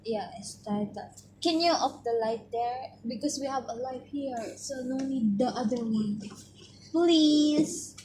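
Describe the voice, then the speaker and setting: A woman's voice: high-pitched, measured pace, background noise. A woman with a Filipino accent chatting casually at home at bedtime, coaxing a child and then reading a story aloud, tacking little particles onto her sentences. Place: bedroom at home.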